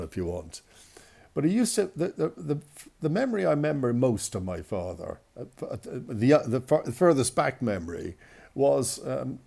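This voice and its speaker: An older Irish man telling rambling, self-mocking stories in a casual way, getting excited at the punchlines. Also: medium pitch, gravelly, breathy edge. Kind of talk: casual storytelling.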